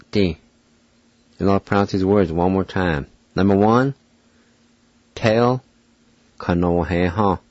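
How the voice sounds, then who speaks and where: A man hosting a radio language lesson, spelling each word out letter by letter and repeating it slowly. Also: fairly low pitch, darkish tone, no echo, muffled recording. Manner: deliberate, spells out words letter by letter and repeats them. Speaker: radio show host teaching language. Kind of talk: slow spelling and pronunciation lesson.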